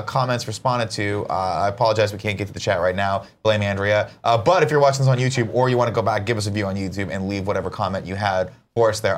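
A man hosting a morning show with quick, joking, profane banter in casual live-stream chat. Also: lowish voice, slight background noise.

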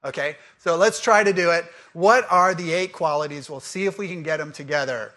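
A man preaching a sermon, quizzing the congregation and then teaching earnestly, reading scripture aloud slowly. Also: a little high. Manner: lively call-and-response with the congregation. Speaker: pastor.

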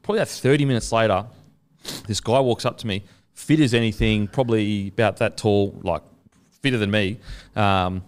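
A man's voice: on the low side, moderate pace, smooth. A man, host of a casual chat, telling a long story with lots of swearing and acted-out quotes. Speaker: podcast host.

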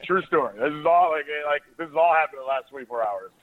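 A man's voice: on the high side, expressive. A man in his forties from Ohio, a radio host telling a rambling story in a casual way. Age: 40s. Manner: rapid, rambling anecdotes with quoted asides. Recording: tinny phone-like radio sound.

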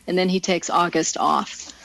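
A woman's voice: on the low side, steady tone, moderate pace, vocal fry, a bit bright, dry recording, low-quality recording. A woman talking casually as a guest, telling fishing stories with frequent laughter. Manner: chatty, laughs often, storytelling. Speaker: guest angler. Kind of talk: casual interview chat.

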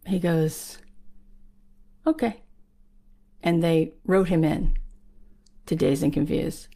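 A woman giving a motivational talk, telling a story with lively acted-out quotes. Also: sits low, takes it slowly. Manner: animated, acts out quoted lines. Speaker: speaker on manifesting.

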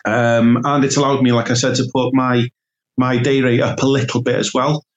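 Man, mid-pitched voice, casual podcast guest, rambling storyteller, lots of ums. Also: level tone, moderate pace, highs cut off. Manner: chatty, warm storytelling with many fillers and restarts. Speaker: self-employed painter and decorator guest.

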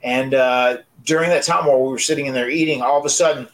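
A man in his forties telling a casual story on a podcast, animated and often repeating words as he restarts sentences. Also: medium pitch, fast talker, poor audio. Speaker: wrestler and podcast co-host.

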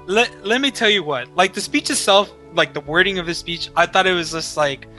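A man's voice: high-pitched, a little fast, pushed and bright, faint music behind. A young man co-hosting a podcast, bantering bluntly and swearing freely. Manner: blunt, profane, hyped banter. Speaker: podcast co-host. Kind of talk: casual chat.

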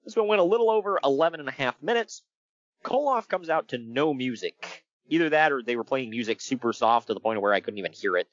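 A man's voice: mid-range voice, fast, no room sound, highs cut off. A man co-hosting a casual podcast, telling stories with a lot of laughter. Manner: laughing often, animated storytelling. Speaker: podcast co-host reviewing wrestling. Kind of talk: casual chat.

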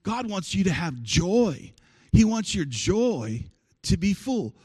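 Male pastor, high voice, lively sermon delivery with call-and-response to the congregation. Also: takes it slowly, husky. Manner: animated preaching with call-and-response. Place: church sanctuary with congregation.

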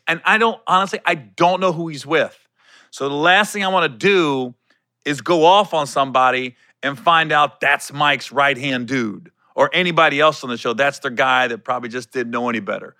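A man hosting a podcast and telling a backstage story as a comedian, laughing often, swearing casually and acting out voices with sudden pitch jumps. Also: a little fast, pushed and bright, dry recording, clean studio sound. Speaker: stand-up comedian and podcast host. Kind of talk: animated storytelling chat.

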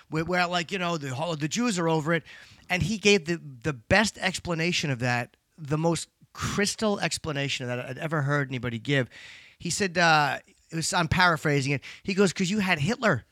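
Man, middle-aged, somewhat high voice, podcast chat, swears freely, acts out quotes. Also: no echo, studio quality. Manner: loud, profane, storytelling with quoted voices. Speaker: comedian and podcast guest.

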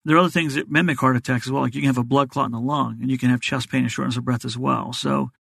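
A man's voice: medium pitch, fairly even intonation, creaky, a bit bright, slightly rough, no echo. A man, a doctor as a guest, explaining health matters in plain, practical terms. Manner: fast, plain-spoken explainer. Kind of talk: explanatory interview answers.

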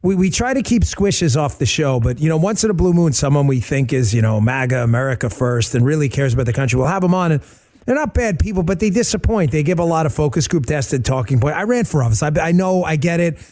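A man hosting a talk show interview who speaks emphatically, with quick asides. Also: animated, darkish tone. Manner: emphatic, quick asides, pleading pitches to listeners. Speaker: host.

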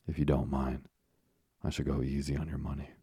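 A man voicing a frail, gentle old father in an audiobook, speaking softly and wearily. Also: extremely low pitch, level tone, a little fast, creaky, slightly rough, dry recording, clean studio sound, exaggerated voice. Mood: gentle, weary.

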